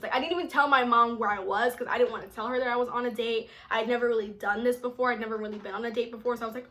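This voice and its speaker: A young adult woman telling a personal story in a casual vlog, animated and chatty, full of filler words. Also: a little high, quick pace. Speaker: vlogger.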